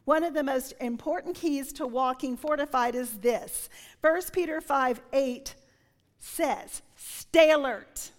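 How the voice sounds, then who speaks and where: A woman in her sixties preaching a sermon with a personal testimony, telling her story in an animated way and dropping to a whisper when she quotes. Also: sits high, measured pace. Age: 60s. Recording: long reverb of a large hall.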